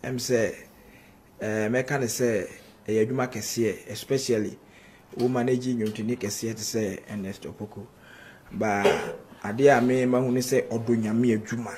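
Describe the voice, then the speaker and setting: A man's voice: mid-range voice, fairly even intonation, unhurried, a little mellow, slight background noise. A man with a Ghanaian accent, a gospel singer's manager, answering interview questions earnestly and mixing Twi and English.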